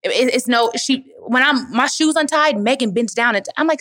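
A woman gives emphatic, motivational answers at a live Q&A, calling her listeners "baby". Her voice sits fairly high and sounds dry and close. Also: fairly quick, a bit bright, no room sound. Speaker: guest speaker answering audience questions. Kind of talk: live Q&A talk.

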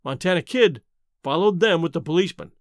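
A man narrating a short story aloud in an expressive storytelling manner. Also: a little high, a little fast, no room sound, studio quality. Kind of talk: scripted narration.

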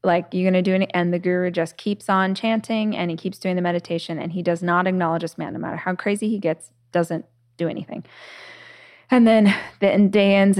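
A woman's voice: fairly low pitch, darkish tone. A woman hosting a podcast, talking in a reflective, conversational way and telling stories, with plenty of filler words. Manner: reflective, storytelling, many "like" fillers. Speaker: podcast host.

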